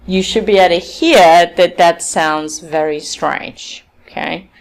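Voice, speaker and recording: Woman lecturing, kinda low voice, keeps saying okay, acts out example sentences. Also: takes it slowly, gravelly. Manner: explanatory, frequent checking "okay?"; demonstrates stress and intonation on example sentences. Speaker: university lecturer. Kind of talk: recorded academic lecture.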